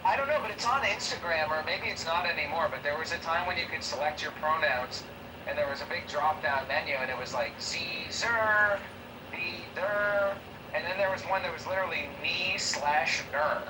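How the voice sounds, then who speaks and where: A man's voice: on the high side, brisk. A man in a casual chat, telling an amused, playful story. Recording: distant, noisy recording.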